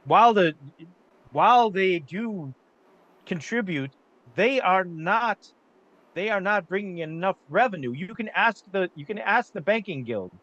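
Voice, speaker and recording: A man's voice: mid-range voice, animated, moderate pace, pauses often, fairly bright tone, no room sound, highs cut off, close to an everyday voice. A man voicing an indignant male merchant guild member who protests in an outraged, blustering way.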